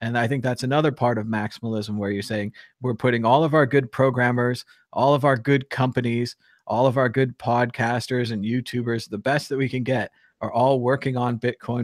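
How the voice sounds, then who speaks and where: A man hosting a live call-in talk show, speaking in an animated, opinionated way with geeky tangents. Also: medium pitch, no echo, studio quality. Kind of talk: casual live call-in discussion.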